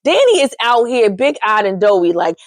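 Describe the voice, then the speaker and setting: A woman recapping a soap opera in casual chat, sassy and chatty with lots of animated asides. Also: medium pitch, moderate pace, dry recording.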